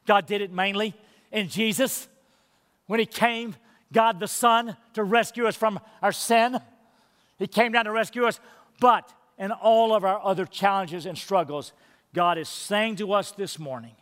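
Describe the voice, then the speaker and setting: A male pastor preaching a sermon, emphatic on key phrases and dropping to hushed, intimate tones. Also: high-pitched, measured pace, in a large hall. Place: church sanctuary.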